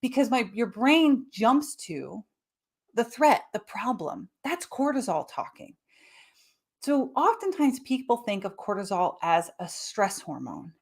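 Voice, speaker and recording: A woman hosting a live-streamed health podcast, explaining things in a lively way and acting out quick little voices for her examples. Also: a little high. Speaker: podcast host.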